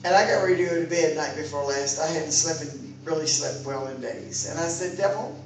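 A woman preaching a sermon in a fervent, exhorting manner, rising at times to loud calls to her listeners. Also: low voice, fairly even intonation, a little fast. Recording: very echoey room, mic far off, music behind.

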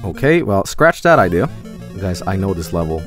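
A man streaming a game, commenting with sudden yelps, shouts and swearing. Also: deep voice, very animated, normal speed, faint music behind. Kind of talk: live gameplay commentary.

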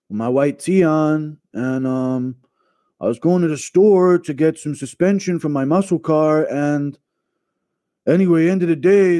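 A man putting on a male fighter who tells a rambling, meandering story loudly. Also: on the high side, no room sound, clean studio sound, lightly acted.

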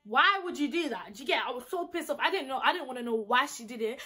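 A young woman with a London accent, telling a storytime vlog in an animated, indignant, slang-heavy way. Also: high voice, rapid-fire, slightly rough. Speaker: vlogger.

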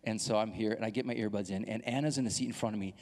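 Lively storytelling male pastor. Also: lowish voice, very fast. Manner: animated storytelling, acts out dialogue. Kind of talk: sermon with personal story. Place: church hall. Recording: long hall reverb.

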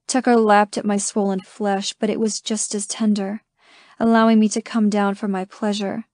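A woman reading a first-person romance audiobook in a slow, intimate way. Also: mid-range voice, little pitch movement, darkish tone, dry recording, clean studio sound. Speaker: audiobook narrator. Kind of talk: scripted first-person narration.

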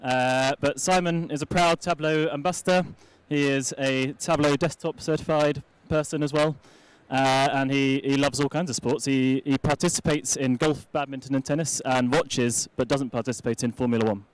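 A man's voice: medium pitch, fairly even intonation, moderate pace, hardly any pauses, clean tone. A man presenting a live conference talk and introducing his co-hosts in a chatty, jokey way with many uhs. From United Kingdom.

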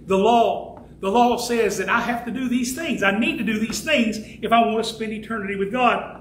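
A man preaching a fervent sermon as pastor, building to shouts and slowing down to stress key words. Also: high voice, a little hiss or hum. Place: church sanctuary. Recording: echoey church room with faint ambience.

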